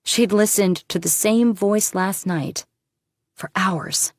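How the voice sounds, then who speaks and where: A woman narrating an audiobook in a measured, steady storytelling manner. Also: medium pitch, no echo, clean studio sound. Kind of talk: scripted narration.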